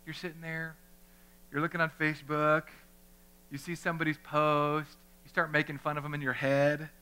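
A young man preaching a sermon as pastor in a church, animated and conversational, acting out the people he quotes. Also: a little high, moderate pace, smooth. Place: church chapel.

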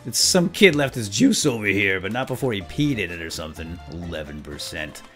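Man, low voice, very lively pitch, gameplay commentary, excitable yelps, sneaky whispers, faint music. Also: fairly quick. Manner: excitable, jumps to loud yelps; drops to whispers when sneaking. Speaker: gaming video host. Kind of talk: role-play gameplay commentary.

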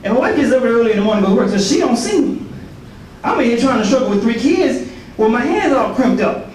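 A soldier gives a testimony sermon at a prayer breakfast, colloquial and conversational, with repeated words and asides. His voice is very high and darkish, with big pitch swings and a fast pace. He sounds far off in a very echoey hall with faint noise.

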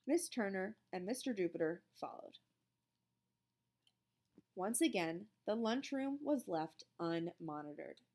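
A woman's voice: mid-range voice, lively intonation, slow, long pauses, darkish tone. A woman teacher reading a storybook aloud expressively, then explaining the lesson.

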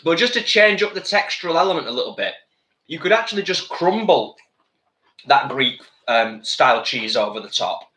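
A man's voice: on the high side, animated, moderate pace, bright, forceful tone, echoey room. A man co-hosting a live vegan cooking stream, chatting casually from a home kitchen and reading out viewer comments.

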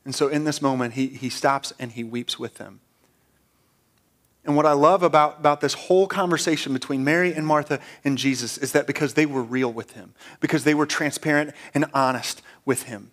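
A man's voice: a little high, brisk, fairly bright tone. A male pastor preaching a sermon, earnest and repetitive, building up to passionate emphasis.

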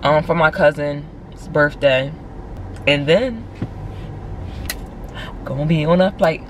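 A young woman from Philadelphia with a Philly accent, telling a story in a casual, animated vlog from her car and saying "like" a lot. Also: low-pitched, measured pace, slight background noise. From Philadelphia, USA. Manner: animated, chatty, heavy use of "like". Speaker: vlogger.

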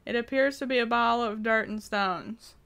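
Bright, high-voiced woman reading a text game. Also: normal speed, clean tone. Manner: laughs often, swears and exclaims in disbelief. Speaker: gaming YouTuber. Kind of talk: reading a text adventure aloud and reacting.

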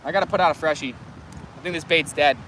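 High bright voiced guy vlogging while fishing outside, chatty and excitable, faint traffic noise around. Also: quick pace. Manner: chatty, excitable, talks to viewers. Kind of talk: casual outdoor vlog commentary. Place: outdoors by a canal.

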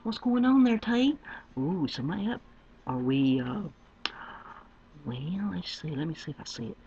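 A woman rambling to her webcam, drawling and swinging from low mutters to loud squeals. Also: animated, normal speed, breathy edge. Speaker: webcam vlogger. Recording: dull lo-fi webcam audio.

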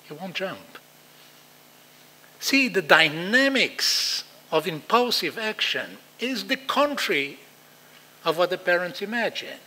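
An older man with an Israeli accent giving a lecture to practitioners, acting out quoted voices in an animated way. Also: high-pitched, takes it slowly, low-quality recording. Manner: animated, acts out quoted voices, non-native phrasing.

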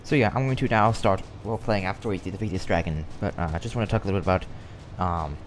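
Man, low voice, casual gameplay commentary, rambling, swears at the game, faint background noise. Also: quick pace. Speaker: gaming channel host.

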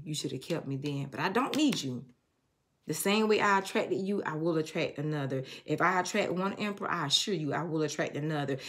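A woman giving an emotional tarot reading to her viewers. She speaks in a preachy way and breaks into snatches of songs. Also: sits low. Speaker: tarot reader.

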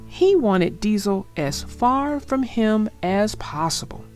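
A woman reading a children's story aloud with an expressive, gentle storybook delivery. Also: mid-range voice, slow pace, soft background music.

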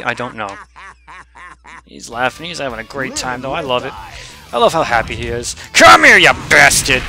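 A man giving excitable, playful commentary on his own fighting-game play, yelling at opponents and laughing often. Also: mid-range voice. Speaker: gaming streamer. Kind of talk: live gameplay commentary. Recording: game music playing behind the voice.

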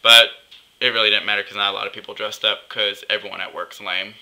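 A man's voice: lowish voice, fairly even intonation, fast, bright, forceful tone, poor audio. A young man vlogging in a chatty, gossipy way, acting out what others said. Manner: chatty, gossipy, acts out quotes. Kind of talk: casual vlog rant.

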